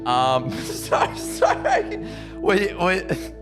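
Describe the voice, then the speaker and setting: A man's voice: high voice, wildly swooping pitch, drawn-out words, over music. A male podcast co-host in casual chat, laughing his way through a joking mock meditation.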